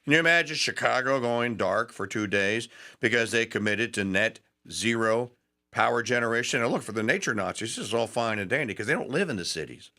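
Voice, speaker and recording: A man hosting a talk radio show, ranting and sarcastic. He shifts between fast bursts and slow, stressed phrases. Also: mid-range voice, lively intonation, pushed and bright. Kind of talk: opinionated talk radio monologue.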